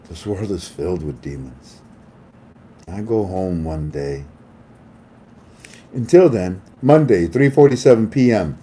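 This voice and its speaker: A man hosting a casual monologue in an animated manner, laughing often and acting out voices. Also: low-pitched, a little hiss or hum. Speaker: host.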